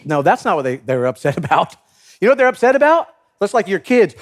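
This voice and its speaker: Animated high-voiced male preacher. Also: fast talker. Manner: animated, acts out biblical characters with comic voices; laughs often while preaching. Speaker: pastor. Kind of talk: sermon.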